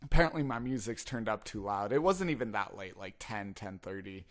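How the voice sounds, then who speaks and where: A man's voice: lowish voice, brisk. A young man telling stories in a casual podcast chat, swearing and laughing often. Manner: animated storytelling, swears and laughs a lot. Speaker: podcast co-host.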